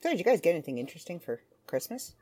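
A woman's voice: on the low side, big pitch swings, very fast, mellow, breathy edge. A woman hosting a casual solo podcast from home, chatting in a rambling, self-interrupting way. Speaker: podcast host.

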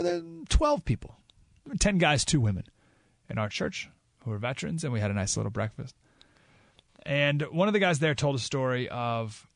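Male radio host, storytelling monologue, animated delivery, dry studio sound. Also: medium pitch, gravelly, no echo. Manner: animated storytelling, rising to excited emphasis.

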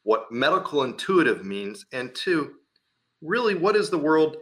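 A man's voice: a little high, sing-song, a little slow. A man hosting an interview show, enthusiastic and a bit rambling. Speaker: host.

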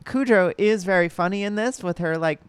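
A woman's voice: medium pitch, fairly quick, clean tone, no echo. A woman casually recapping a comedy film with a co-host, chatty and often laughing. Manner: chatty, fillers and restarts, laughs a lot. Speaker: podcast co-host. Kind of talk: casual movie recap chat.

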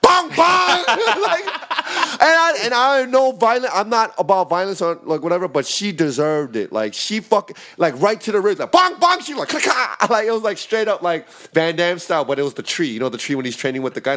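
Brief: slightly high-voiced man, fast-talking bouncer, spins a rowdy story, mimics voices and impacts. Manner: animated, profane, acts out voices and sound effects. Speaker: podcast co-host telling a story; works as a bouncer. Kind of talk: casual storytelling chat.

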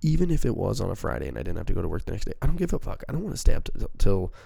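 Male podcaster, very deep gravelly voice, dark tone, loose profane rambling. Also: wildly swooping pitch, very fast, dry recording. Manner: rambling, profane, self-mocking. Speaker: podcast host. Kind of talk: casual solo podcast chat. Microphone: handheld microphone.

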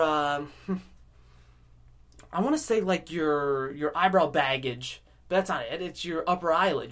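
A man hosting a podcast alone, rambling casually with constant swearing and swings between loud outbursts and low mutters. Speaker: podcast host. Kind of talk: casual rambling solo monologue.

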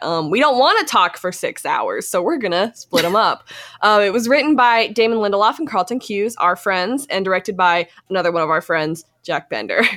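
A woman in her twenties from Canada, hosting a podcast in a playful, casual way with quick asides. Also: medium pitch, a bit bright. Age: 20s. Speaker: podcast host.

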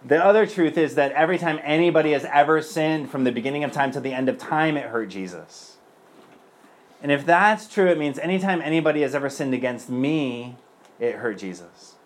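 A man's voice: on the high side, quick pace, hardly any pauses. A young man speaking as a priest, giving an earnest personal testimony in a loose conversational way. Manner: earnest and conversational, many fillers.

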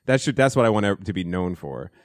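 A man's voice: sits low, lively intonation, fairly quick, no echo. A man in his thirties, stoned, telling a rambling self-deprecating story in casual podcast chat. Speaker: podcast co-host.

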